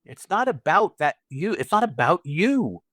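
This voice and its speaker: A man's voice: fairly high pitch, big pitch swings, unhurried, fairly bright tone, husky, no room sound, studio quality. A man hosting a podcast as an acting teacher, talking casually and animatedly, swearing freely and acting out little scenes with quoted lines.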